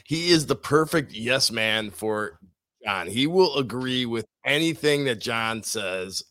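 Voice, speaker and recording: A man's voice: mid-range voice, animated, takes it slowly, sharp tone, no echo, studio quality. A man chatting casually and making mocking comments about someone. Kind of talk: casual live-stream chat.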